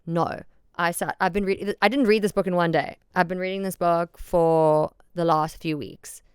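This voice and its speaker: A woman's voice: lowish voice, fairly even intonation, normal speed, smooth, no echo, clean studio sound. A woman hosting a solo podcast, talking candidly and emphatically, often repeating herself and swearing freely. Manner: frank and self-deprecating, swears freely. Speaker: podcast host.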